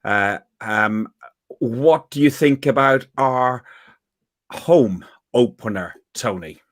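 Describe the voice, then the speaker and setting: A man's voice: mid-range voice, slow, no echo. A man hosting a casual football podcast, telling rambling stories full of fillers. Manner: rambling anecdotes with many fillers. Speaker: podcast host.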